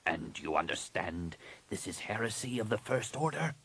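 A man voicing a cold, scheming alien woman, a master shaper, with a measured, partly whispered delivery in an audiobook reading. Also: on the low side, very animated, vocal fry, sharp tone, husky, heavily acted. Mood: menacing, hushed. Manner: measured and commanding.

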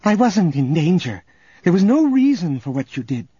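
A man's voice: sits high, big pitch swings, moderate pace, husky, pitched above the performer's own voice, exaggerated voice. A man voicing an earnest grieving young woman. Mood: upset. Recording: dull audio under loud music.

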